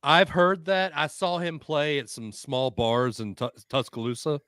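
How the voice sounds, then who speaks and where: A man's voice: fairly high pitch, fairly even intonation, unhurried, fairly bright tone, clear, resonant tone, no room sound. A man co-hosting a podcast in casual chat, easygoing with short reactions and asides. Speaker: podcast co-host.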